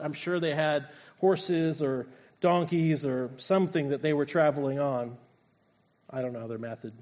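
Higher-voiced pastor preaching a sermon. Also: male voice, a little mellow. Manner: storytelling preacher acting out scripture voices. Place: church sanctuary.

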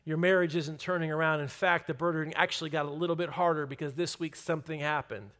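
A man's voice: fairly high pitch, steady tone, a bit bright. A man preaching a sermon in a conversational, joking way. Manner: conversational, joking, drawn-out stresses. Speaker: pastor.

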